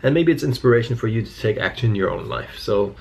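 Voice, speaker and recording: With a fairly low, gravelly, slightly mellow voice, a man in his mid-thirties talks fast and animatedly to the camera for his fitness vlog. He tells stories and swears freely throughout this casual chat.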